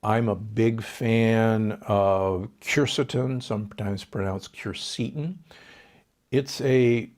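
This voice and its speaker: A man's voice: fairly low pitch, fairly even intonation, takes it slowly, few pauses, a little mellow. An older man, a doctor, being interviewed and explaining health advice in an authoritative way, with numbers and frequent restarts. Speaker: doctor and guest. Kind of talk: podcast interview.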